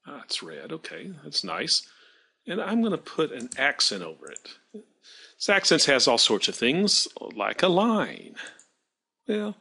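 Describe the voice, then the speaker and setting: Husky, lively-voiced man teaching on screen. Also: on the high side, unhurried. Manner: thinking aloud while working, self-correcting. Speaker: math teacher. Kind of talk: screen-recorded software tutorial.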